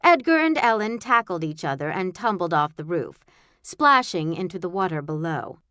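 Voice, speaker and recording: A woman narrating a children's audiobook in a wry, expressive storytelling manner. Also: lowish voice, normal speed, smooth, no echo, studio quality. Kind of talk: scripted narration.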